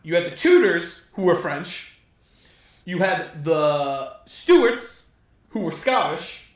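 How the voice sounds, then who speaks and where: A young man, a podcast guest, joking and animated in casual chat. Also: on the high side, takes it slowly, distant mic. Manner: animated, jokey. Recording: echoey room.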